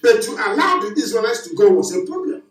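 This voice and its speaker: A man's voice: sits high, big pitch swings, quick pace. Impassioned man preaching in an echoey room. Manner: preaching, emphatic and repetitive, with rhetorical questions. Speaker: broadcaster. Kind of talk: impassioned live broadcast address. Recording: echoey, distant from the mic.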